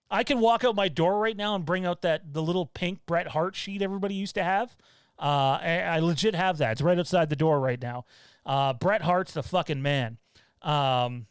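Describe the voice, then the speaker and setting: Smooth-voiced male livestream host. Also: fairly high pitch, moderate pace, no echo. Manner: rambling and blunt, turning heated with swearing. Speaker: show host. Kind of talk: casual livestream chat. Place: at home.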